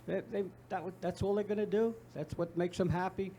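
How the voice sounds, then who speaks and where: Earnest man with a mellow voice. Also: high voice, fairly even intonation, slight background noise. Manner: halting, earnest, with restarts and fillers. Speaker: guest, foundation founder. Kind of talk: casual studio interview. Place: TV studio.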